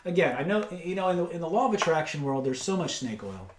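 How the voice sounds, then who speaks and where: A man hosting a live webinar, pitching course packages, reading out prices and answering chat questions with blunt asides. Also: big pitch swings, quick pace, roomy sound, noisy background. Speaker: webinar host and seller.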